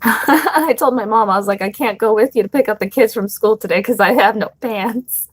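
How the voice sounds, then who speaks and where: A woman's voice: fairly high pitch, normal speed, breathy edge. A young woman hosting a casual live stream, chatting bluntly with viewers, swearing freely and laughing often.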